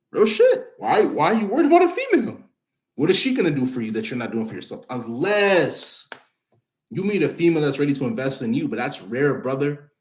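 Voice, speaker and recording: An emphatic young man delivering motivational straight-talk to camera. He repeats his points and leans on slang, with a voice sitting at an ordinary middle pitch. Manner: emphatic, repetitive, slangy, keeps adding "bro". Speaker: channel host.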